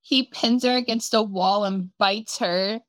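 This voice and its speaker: A woman co-hosting a relaxed chat, playfully retelling the story and jumping into the characters' voices. Her pitch is ordinary and the sound is dry and close. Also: unhurried, no room sound. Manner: playful, joins in acting out characters' lines. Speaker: podcast co-host. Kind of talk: casual chat.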